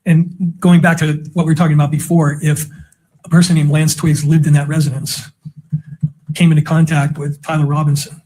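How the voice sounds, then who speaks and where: A man's voice: a little high, mellow, husky. A man cross-examining a witness in a courtroom with methodical, leading questions. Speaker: defense attorney.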